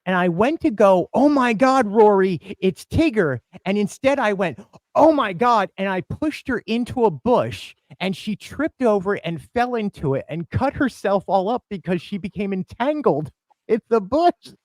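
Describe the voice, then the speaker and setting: A man hosting a casual fan podcast, telling animated stories and acting out quoted lines with big swings of pitch. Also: moderate pace, no room sound. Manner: excitable, acts out quotes with big jumps in pitch. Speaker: podcast host. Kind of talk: animated storytelling chat.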